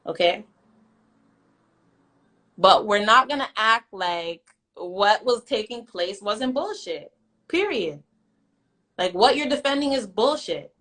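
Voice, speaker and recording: A woman's voice: medium pitch, a bit bright, rough recording. A young woman telling her side in a story time rant, blunt and defiant, swearing often and repeating herself for emphasis. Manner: blunt, defiant, heavy profanity. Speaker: vlogger.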